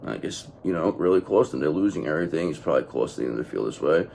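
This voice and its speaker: A man's voice: a bass voice, animated, fast talker, gravelly, darkish tone, slight background noise. A man giving a casual tarot reading, blunt and profane, who keeps checking in with "okay". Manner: blunt, profane and repetitive, often says okay. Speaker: tarot reader.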